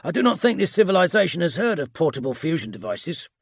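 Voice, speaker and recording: A man's voice: a little high, very animated, fast, slightly rough, no echo, clean studio sound, pitched above the performer's own voice, heavily acted. A man voicing a blunt, confident armored soldier who speaks matter-of-factly in a raised voice for an audiobook.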